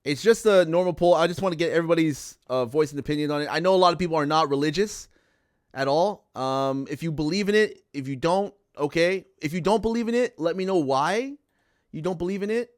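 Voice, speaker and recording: Loud, animated man hosting a podcast. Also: a little high, a little fast. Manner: loud, animated, repeats himself. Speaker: podcast host. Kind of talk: casual livestream chat.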